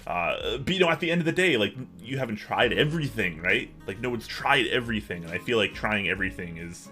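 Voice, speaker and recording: A man's voice: lowish voice, animated, brisk, pushed and bright, soft background music. A young man hosting a casual livestream from his home office, chatting and answering viewer messages. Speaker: livestream host.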